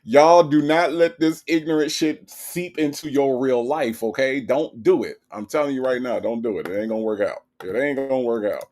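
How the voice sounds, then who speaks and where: A man's voice: mid-range voice, moderate pace, few pauses, darkish tone. A man hosting a live stream, giving emphatic commentary and answering his chat, checking in with "right?" again and again. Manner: emphatic, keeps asking "right?".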